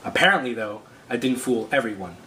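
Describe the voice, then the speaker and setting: A man's voice: mid-range voice, animated, fairly quick, far from the mic, background noise. A young man telling the story of his own prank in a joking, comic vlog narration.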